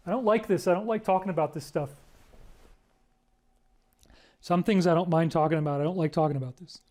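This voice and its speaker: A man's voice: a little high, racing. Emotional man in a rambling monologue. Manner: emotional, swings from hushed to exclaiming. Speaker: speaker on conspiracy theories.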